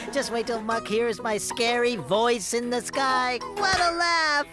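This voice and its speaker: A giggly mischievous scarecrow. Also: male voice, extremely high pitch, very animated, takes it slowly, full character voice. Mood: gleeful. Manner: giggly, teasing, sly. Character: mischievous male scarecrow prankster. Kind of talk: animated series voice acting. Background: music score.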